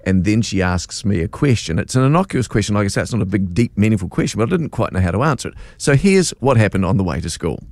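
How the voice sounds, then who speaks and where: Older NZ bloke, breakfast radio host, chatty storyteller, lively pitch, dry studio mic. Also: male voice, fast, few pauses, dry recording. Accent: New Zealand. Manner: chatty storyteller, laughs easily. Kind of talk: casual radio banter. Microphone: studio microphone.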